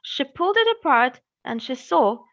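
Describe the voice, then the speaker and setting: A woman from Russia with a Russian accent, telling a fairy tale in English in an expressive, dramatic way. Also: high voice, moderate pace, muffled recording. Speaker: English teacher telling a story. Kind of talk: storytelling.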